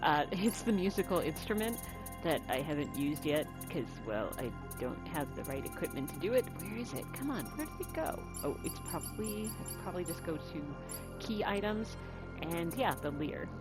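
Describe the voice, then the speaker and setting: A woman's voice: low-pitched, sing-song, normal speed, low-quality recording. A woman hosting a game walkthrough in casual, chatty commentary over game music. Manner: chatty, rambling. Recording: game music playing behind.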